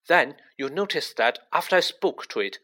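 A hot-tempered young boy wizard, voiced by a man narrating a storybook, fierce and clipped. The bright voice leaps up in pitch whenever he pushes back. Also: lively intonation, moderate pace. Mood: angry, defiant.

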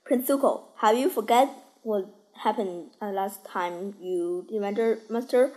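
A woman voicing a calm, wise old uncle and mentor in a cartoon fan dub, reading in a gentle, advising way. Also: medium pitch, unhurried, lightly acted, low-quality recording.

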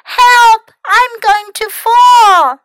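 A timid, excitable storybook frog, as a woman puts him on, high and slow. He frets loudly and easily. The voice sits close and dry. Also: no room sound, full character voice. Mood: panicked.

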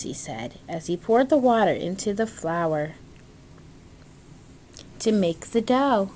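A woman reading a picture book aloud in a gentle way, pointing out the pictures to her listeners. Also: mid-range voice, expressive, takes it slowly, pauses often, slight background noise. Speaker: storyteller.

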